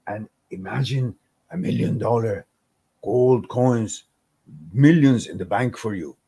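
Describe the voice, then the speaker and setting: A man's voice: medium pitch, measured pace, slightly rough, no room sound. Guy doing a live stream q&a, heated and blunt, lots of questions, voice all over the place. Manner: blunt, heated, swears when riled; rhetorical questions, animated delivery. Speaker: live stream host answering viewer questions.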